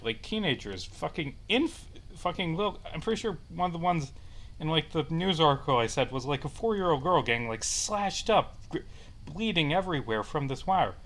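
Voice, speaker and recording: A man's voice: fairly high pitch, a bit bright. A young man in a heated, profane vlog rant, repeating himself as his anger builds. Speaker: vlogger. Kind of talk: angry personal rant.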